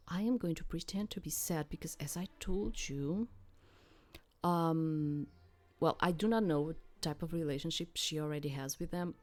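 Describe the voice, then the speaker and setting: A woman's voice: low-pitched, darkish tone. A woman reading a visual novel aloud and thinking through her choices in hesitant asides. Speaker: game player.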